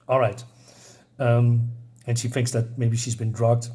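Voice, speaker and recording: A man's voice: mid-range voice, level tone, a little slow, long pauses, dark tone. A man reviewing a comic book in a casual, rambling way, chuckling often and stopping for fillers.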